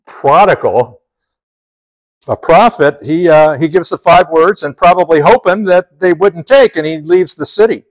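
Male Bible teacher, fairly high voice, lively sermon storyteller who acts out the quotes. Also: low-quality recording. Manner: animated storytelling, voicing the prophet and God in quotes.

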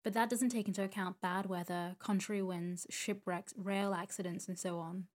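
A woman's voice: mid-range voice, steady tone, moderate pace, close to an everyday voice. Stuart, a woman reading as a doubting clubman. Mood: skeptical. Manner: insistent, skeptical. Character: argumentative gentleman clubman at whist.

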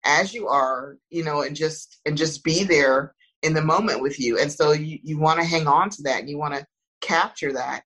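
A woman in casual conversation, speaking thoughtfully with a soft, soothing voice and frequent restarts. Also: deep voice, moderate pace, low-quality recording.

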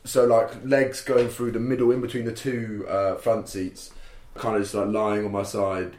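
Young man, low-pitched, casual rambling storyteller, roomy sound. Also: flat delivery, moderate pace, darkish tone. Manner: rambling, laughing, sweary storytelling. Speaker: podcast guest telling a story. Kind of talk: casual chat. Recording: roomy echo.

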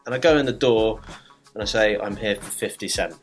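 A man's voice: fairly low pitch, fairly quick, faint music behind. A man telling a funny anecdote in a casual podcast chat, laughing often. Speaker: guest.

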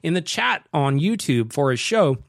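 A man's voice: a little high, very animated, moderate pace, gravelly, no room sound, studio quality. A man hosting a podcast, chatting casually and joking, laughing often. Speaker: podcast host.

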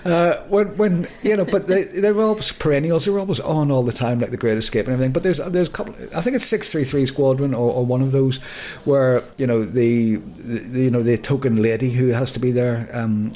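An older man from near Belfast co-hosts a laid-back podcast, drifting from one memory to the next. He restarts his sentences constantly and breaks off into chuckles, his voice sitting at an ordinary middle pitch. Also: brisk, few pauses, dark tone. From Northern Ireland, outside Belfast. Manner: rambling, self-interrupting, chuckling. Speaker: podcast co-host. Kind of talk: casual chat.

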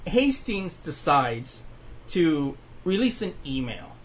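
A man's voice: a little high, very animated, takes it slowly, a little hiss or hum. A man hosting a casual podcast chat, rambling with lots of fillers and restarts. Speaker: podcast host.

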